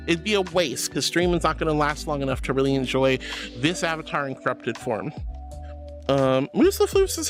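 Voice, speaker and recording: A man streaming as a VTuber from home on a headset mic, reading chat aloud and answering with affectionate, playful warmth. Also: on the high side, big pitch swings, normal speed, soft background music. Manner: affectionate and playful, calls viewers sweetheart.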